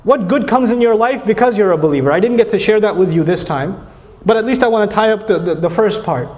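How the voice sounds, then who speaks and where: Fast-talking, animated male preacher. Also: high-pitched. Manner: animated, conversational, acts out quotes. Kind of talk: sermon. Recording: echoey hall, dull lo-fi sound.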